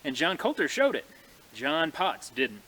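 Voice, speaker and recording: A man telling a frontier tale in a folksy, animated way, speaking to his audience outdoors in snowy woods. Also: fairly high pitch, a little slow. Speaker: living history storyteller. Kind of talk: folksy oral storytelling.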